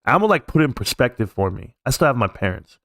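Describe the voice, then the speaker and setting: A man's voice: mid-range voice, big pitch swings, fast, fairly bright tone, no room sound, clean studio sound. A man hosting a casual live stream from home, talking in a rambling, heartfelt, reflective way. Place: at home, alone.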